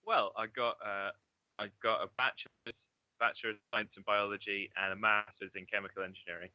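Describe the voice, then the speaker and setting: A man's voice: on the low side, little pitch movement, brisk, no echo. Brief: twenties man from southeast England, chatty, swears a lot, dull muffled sound. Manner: chatty, swears freely, laughs often. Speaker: guest. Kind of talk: casual online chat. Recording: dull lo-fi audio.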